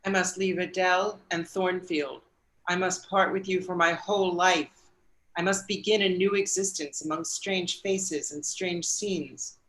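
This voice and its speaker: A woman reading the part of a calm, resolute young woman in an audiobook, steady and restrained. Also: on the low side, measured pace, voice pushed down, poor audio. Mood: firm.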